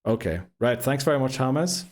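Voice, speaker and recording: A man's voice: mid-range voice, lively intonation, a little fast, a little mellow, a little hiss or hum. A man casually hosting a game live stream, laughing and greeting viewers by name. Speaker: streamer host.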